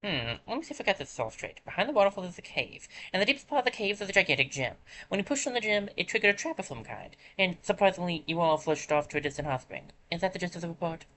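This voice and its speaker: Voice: medium pitch, animated, quick pace, hardly any pauses, bright, forceful tone, a little hiss or hum. A streamer voicing a pompous male bird guild assistant while reading game dialogue aloud, with a fussy, formal manner. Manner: fussy, formal, self-important.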